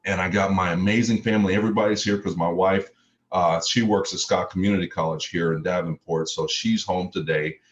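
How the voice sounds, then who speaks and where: A man's voice: sits low, steady tone, a little fast, lo-fi sound, a little hiss or hum. A middle-aged man from Mississippi, giving an earnest personal testimony as a motivational speaker, stacking up repeated phrases for emphasis. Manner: earnest, repetitive lists with emphatic rises.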